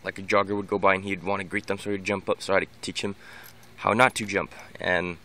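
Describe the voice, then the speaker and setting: This man talks fast in a low, level voice with a sharp edge. He's a dog owner rambling through an unscripted vlog monologue of training tips, with lots of restarts and repeated words.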